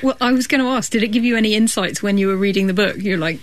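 A woman's voice: mid-range voice, quick pace. A woman hosting a radio science show, introducing segments and asking curious questions. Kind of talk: radio presenting and interviewing.

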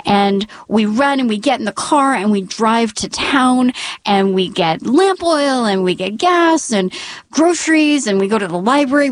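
A woman spins a personal story at an unhurried pace, her humor dry and wry. She sinks into a tense whisper when the story turns scary. The recording is close and dry, with no room sound. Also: medium pitch, no room sound.

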